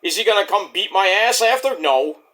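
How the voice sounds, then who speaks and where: A man's voice: high-pitched, lively intonation, fairly quick, bright, forceful tone. A man, ranting bluntly and profanely in a rambling casual monologue as a vlog host.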